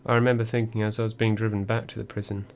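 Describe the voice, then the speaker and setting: A male narrator reads a memoir in a low, steady voice with little rise and fall. His delivery is measured and dry. A faint hum sits underneath. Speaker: audiobook narrator. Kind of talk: first-person memoir reading.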